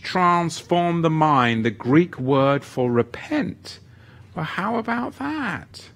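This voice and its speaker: A man's voice: sits high, bright, forceful tone. A man teaching a live-streamed lesson who reads the chat and greets viewers by name, with playful asides. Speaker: livestream teacher.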